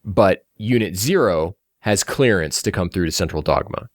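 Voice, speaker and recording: A man hosting a podcast, giving an animated, enthusiastic plot recap in casual chat. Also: deep voice, normal speed, dry recording, studio quality. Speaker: podcast host recapping a film.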